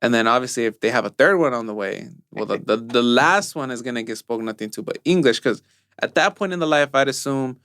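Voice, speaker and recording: A man's voice: mid-range voice, animated, fast, a bit bright, smooth, no echo. Young man, podcast co-host, casual chat, dry close sound, drops in Spanish. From Mexico. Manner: storytelling, mixes in Spanish phrases.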